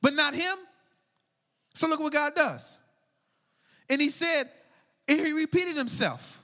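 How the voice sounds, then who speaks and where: A man preaching a lively sermon, swinging from shouts down to near whispers, full of casual slang. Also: very high-pitched, slow, pauses often, in a large hall. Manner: energetic, shouting and dropping to a hush, casual slang. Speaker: pastor.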